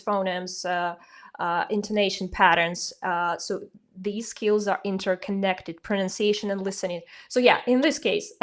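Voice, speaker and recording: A woman whose first language is Russian, hosting an interview and explaining points in a measured, teacherly way. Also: medium pitch. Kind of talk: conversational interview.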